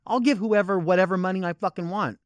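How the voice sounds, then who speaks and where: A man hosting a podcast, ranting comedically in an animated, profane way about everyday annoyances. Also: high-pitched, fast talker, no echo. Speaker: podcast host. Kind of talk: comedic rant.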